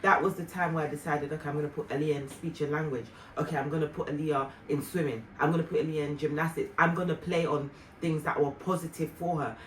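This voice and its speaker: A woman vlogger and mother telling a heartfelt personal story in an earnest, reflective way, with soft fillers. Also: sits low, fairly even intonation, quick pace, few pauses. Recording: roomy, distant mic, faint noise.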